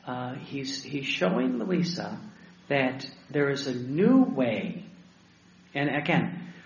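Deacon guy preaching, gravelly voice, lots of uh and restarts, echoey dull-sounding room. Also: medium pitch, sing-song, slight background noise. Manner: storytelling, halting with many restarts and fillers. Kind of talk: sermon-style teaching talk.

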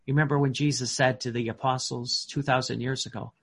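A man preaching a sermon in an earnest, emphatic way, often pausing on fillers and restarting his words. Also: medium pitch, fairly even intonation, a bit bright, breathy edge.

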